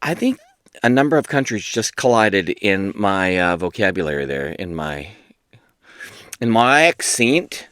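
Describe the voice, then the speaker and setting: A booktube host with a deep, slightly bright voice chats casually at a moderate pace, rambling and cracking jokes at his own expense. The recording is dry.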